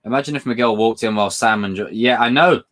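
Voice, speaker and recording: A man's voice: mid-range voice, fast talker, fairly bright tone. A man hosting a casual live stream. He reads viewer questions aloud, answers them, swears casually and laughs a lot while telling stories.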